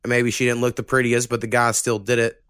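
A young man hosting a casual podcast, talking loosely and profanely with plenty of ums and restarts. His voice sits at an ordinary mid pitch, recorded close and dry with no room sound. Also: monotone, fairly quick, a bit bright, smooth, no room sound. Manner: loose, profane, rambling with many fillers. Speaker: podcast host. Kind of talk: casual chat.

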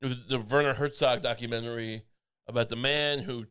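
A man's voice: medium pitch, steady tone, fairly quick, a bit bright, clean tone. A man co-hosting a podcast in rambling, joking casual chat, often stammering and restarting. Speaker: podcast co-host.

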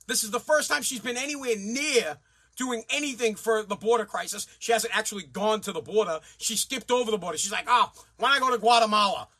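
A man's voice: very high-pitched, a bit bright, husky. A man from the United States delivering a heated, crude political rant, swearing often and speaking bluntly. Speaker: commentator.

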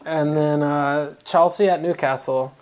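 A man's voice: on the high side, steady tone, a little slow, a little mellow. A man co-hosting a casual podcast, rambling and hedging as he works through his opinions. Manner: rambling, hedging with fillers and restarts. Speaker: podcast co-host. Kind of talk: casual chat.

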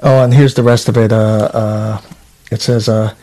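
A former state trooper speaks casually in an interview, reading emails aloud with frequent fillers and restarts. His voice is fairly low and dark, with a flat delivery at normal speed.

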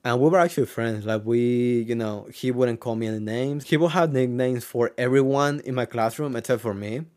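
A young man from Mexico talks to the camera, telling an old story from his childhood. He rambles as he goes, stacking up fillers, restarting sentences and swearing casually. His voice sits at an ordinary middle pitch for a man. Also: moderate pace, a little mellow. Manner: rambling, frequent fillers like "like" and "you know", swears freely. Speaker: vlogger.

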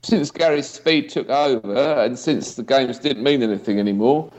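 A man's voice: mid-range voice, moderate pace, a little mellow. A man co-hosting a casual football podcast, blunt and sweary as he reads out emails and argues his points. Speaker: podcast co-host. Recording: slightly dull lo-fi sound.

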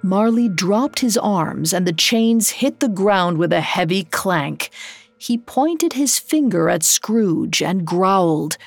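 A woman narrating a scripted ghost story in a measured, atmospheric way. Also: medium pitch, animated, creaky, dry recording. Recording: soft background music.

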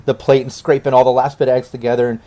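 A man's voice: medium pitch, flat delivery, racing, mellow. A man narrating a tabletop game as game master in a casual, rambling way.

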